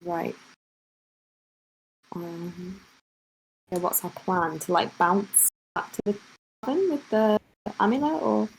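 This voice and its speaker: A woman's voice: medium pitch, fairly even intonation, takes it slowly, vocal fry, long pauses, a little hiss or hum, rough recording. Hesitant woman player. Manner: hesitant, thinking aloud with fillers. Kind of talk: casual chat at a game table.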